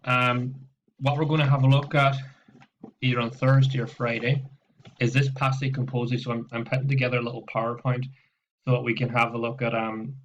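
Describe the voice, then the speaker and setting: A man's voice: mid-range voice, flat delivery, fairly quick, dull audio, a little hiss or hum. Patient man teaching a French lesson. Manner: explains patiently with frequent "okay" and repetitions. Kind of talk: recorded classroom lesson walkthrough. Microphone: laptop microphone.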